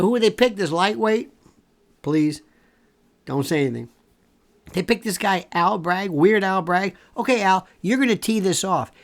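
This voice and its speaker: Older man, animated sarcastic commentary. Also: sits high. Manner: animated, sarcastic, repeats words. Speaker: legal commentator. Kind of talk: opinionated commentary monologue.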